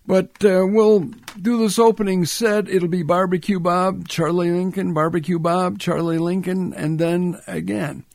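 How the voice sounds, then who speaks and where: A man hosting a radio music program, musing aloud in a relaxed way as he introduces records. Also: high voice, a little slow, gravelly, few pauses. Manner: relaxed, musing aloud, thinking while talking. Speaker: radio show host.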